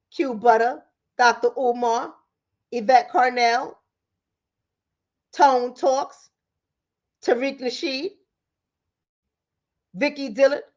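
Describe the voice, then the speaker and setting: Bronx-raised woman, New York accent, high voice, rapid and preachy, direct-to-camera, dull lo-fi audio. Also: a little mellow. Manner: fast-talking, preachy, rhetorical questions to viewers. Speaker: relationship coach and commentator.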